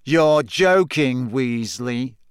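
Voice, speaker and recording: A man reading aloud voices a sneering, spoiled teenage bully with a slow drawl. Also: mid-range voice, animated, clear, resonant tone, no echo, clean studio sound. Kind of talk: audiobook character voice.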